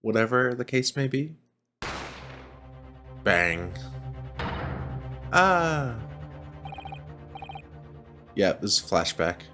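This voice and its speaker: A man's voice: on the low side, expressive, a little slow, long pauses, music in the background. A man hosting a let's play, giving casual commentary, chatting along as he reads the game text aloud and laughs often.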